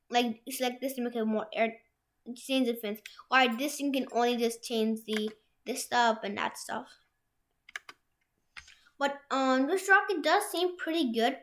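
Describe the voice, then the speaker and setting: A young woman hosting a software tutorial from a room at home, talking it through in a rambling way with many restarts. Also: high-pitched, moderate pace. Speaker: tutorial host. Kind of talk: screen-share software tutorial.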